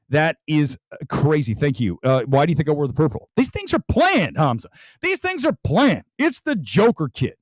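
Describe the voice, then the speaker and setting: A man's voice: fairly high pitch, no room sound. A man hosting a live-streamed movie talk show, opinionated and rambling, talking straight to his chat. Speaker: film channel host.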